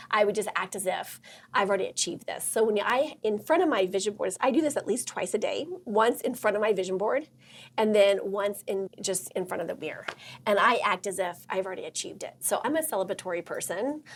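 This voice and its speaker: Husky chatty woman host. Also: medium pitch. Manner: chatty, filler-heavy, excitable. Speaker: host and counselor. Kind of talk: motivational workshop talk.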